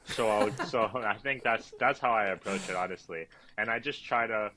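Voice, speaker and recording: Low, bright-voiced male referee guest. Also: normal speed, a little hiss or hum, low-quality recording. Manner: calm, reflective, laughs easily. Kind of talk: casual interview chat.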